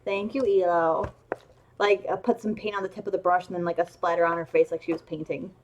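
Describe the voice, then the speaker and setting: A woman's voice: lowish voice, flat delivery, fairly quick, lo-fi sound, slight background noise. A woman streamer chatting casually while she draws, rambling along with lots of ums and restarts. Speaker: streamer drawing emotes. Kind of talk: casual chat while drawing.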